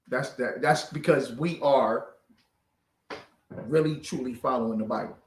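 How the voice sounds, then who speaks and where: A man leading a scripture class, animated and bantering with call and response. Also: mid-range voice, unhurried, long pauses. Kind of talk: street-preaching style scripture class. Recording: roomy echo, distant from the mic.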